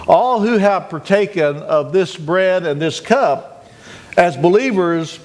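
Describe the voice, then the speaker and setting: A man's voice: high voice, expressive, takes it slowly. A male pastor preaching a communion sermon, retelling scenes dramatically and acting out joyful cries. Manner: dramatic, acts out shouted cries.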